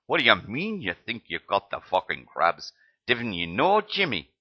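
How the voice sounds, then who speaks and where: A man's voice: lowish voice, wildly swooping pitch, moderate pace, muffled recording, voice pushed up. A man voicing a brusque, mocking male army medic with a put-on Scottish accent. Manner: teasing, rough-spoken.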